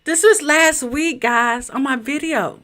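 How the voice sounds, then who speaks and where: Southern woman coach, high bright voice, lively and chatty, teaching from her home office on a webcam. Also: measured pace. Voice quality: a little high-pitched. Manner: animated, chatty, talks straight to viewers. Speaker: business coach. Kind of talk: live-streamed teaching presentation.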